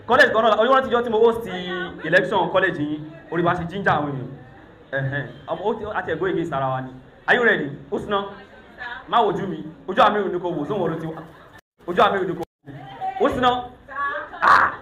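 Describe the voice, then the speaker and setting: A Nigerian man hosting an event on a handheld mic, teasing the crowd in lively banter that mixes pidgin and Yoruba. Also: sits high. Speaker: event host, master of ceremonies. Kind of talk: lively emcee banter with audience. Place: event hall. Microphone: handheld microphone. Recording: echoey event hall.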